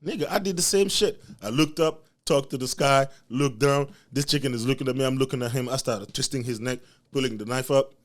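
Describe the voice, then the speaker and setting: A young man from Africa, hosting a podcast and telling a comic, profane story in an animated way. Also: medium pitch. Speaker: podcast host. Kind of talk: storytelling rant.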